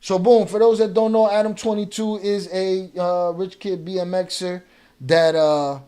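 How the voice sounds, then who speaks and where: High-voiced profane livestream host. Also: male voice, steady tone, unhurried, warm tone, smooth. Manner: profane, confrontational, heavy street slang; reads viewer chat aloud. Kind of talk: casual livestream chat.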